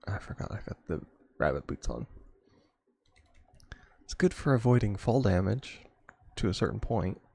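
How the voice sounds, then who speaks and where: Gravelly-voiced man chatting over gameplay. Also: on the low side, a little mellow. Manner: rambling, chuckles often. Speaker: streamer. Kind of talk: casual gameplay chat.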